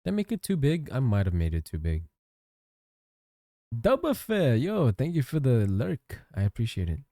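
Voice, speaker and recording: A man's voice: mid-range voice, moderate pace, dry recording, studio quality. A man streaming while he draws, chatting casually with his chat and thanking viewers. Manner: chatty, thanks chat, lively ups and downs. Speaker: livestreamer and digital artist.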